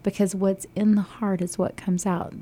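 A woman's voice: mid-range voice, flat delivery, normal speed, dark tone. A woman from Texas co-hosting a Christian radio show, talking earnestly through scripture with frequent restarts. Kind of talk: devotional radio talk.

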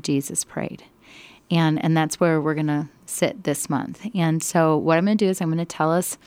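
A woman telling a Bible story, expressive, slow and emphatic. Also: low-pitched, no room sound.

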